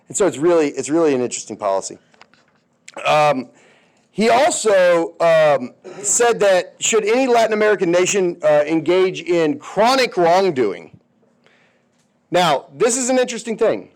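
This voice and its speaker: A man's voice: high voice, very animated, normal speed. A male history teacher giving a casual, conversational classroom lecture, often checking in with his students.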